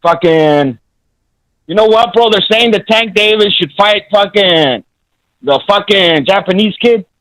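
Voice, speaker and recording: A man's voice: high-pitched, a little slow, a bit bright, dry recording, rough recording. A man calling in to a podcast, rowdy and mocking, swearing constantly, with a Mexican Spanish accent. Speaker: caller. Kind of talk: crude joking call-in rant.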